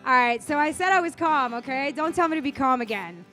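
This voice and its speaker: Brash high-voiced woman comic with guitar. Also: lively intonation, fairly quick, fairly bright tone. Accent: Long Island. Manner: brash, profane, belting sing-along. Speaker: stand-up comic and musician. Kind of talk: comic song and stand-up. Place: live comedy venue. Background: guitar accompaniment.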